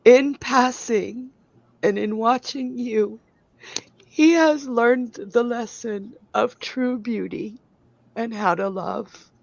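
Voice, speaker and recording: A woman medium delivers a heartfelt reading at an unhurried, halting pace, her voice rough with fry. The sound is close and dry, and the recording is dull and lo-fi. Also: a little high, no echo. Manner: slow, tender, halting delivery with apologies. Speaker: psychic medium guest. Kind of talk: emotional live psychic reading.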